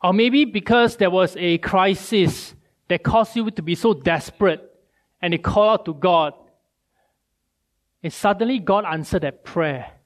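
A male preacher, giving a sermon with animated storytelling and many rhetorical questions. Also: sits high, measured pace.

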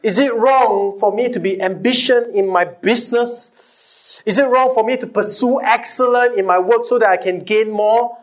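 A man with a high, bright-toned voice delivers a sermon. He keeps turning to the congregation with rhetorical questions and call-and-response, and he hammers key phrases by repeating them. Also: moderate pace. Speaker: pastor.

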